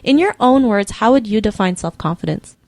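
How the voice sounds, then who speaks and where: A woman's voice: medium pitch, lively intonation, a little fast, darkish tone, no echo, clean studio sound. A woman hosting a podcast interview, affirming her guest and asking simple questions. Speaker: podcast host. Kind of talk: casual interview chat.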